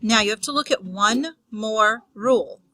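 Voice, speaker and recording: A woman teaching a lesson on grammar rules, unscripted with restarts and fillers, spelling out terms slowly. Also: on the high side, sharp tone, poor audio. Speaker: Spanish teacher.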